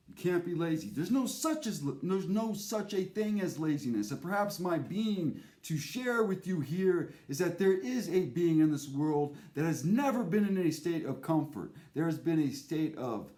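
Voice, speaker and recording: Intense man preaching slowly. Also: a little high, warm tone. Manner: intense, emphatic, repetitive. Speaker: speaker. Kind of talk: impassioned spiritual monologue.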